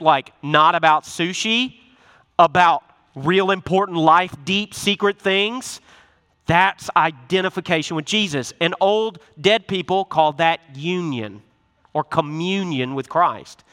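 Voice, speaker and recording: A man preaching with a high, bright, forceful voice, talking casually and playfully acting out small scenes. His words carry a long reverb off the walls of a church hall. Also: a little slow. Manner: animated, conversational preaching with acted-out asides. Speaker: pastor. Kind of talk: sermon.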